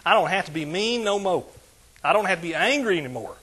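A man preaching a sermon to a congregation, asking them questions and building to loud exclamations. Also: sits high, expressive, fast, breathy edge. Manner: preaching with call-and-response, rising to shouts. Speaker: pastor.

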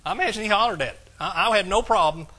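A man preaching a sermon as pastor, with emphatic lines that swing from soft to hollering. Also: sits high, racing.

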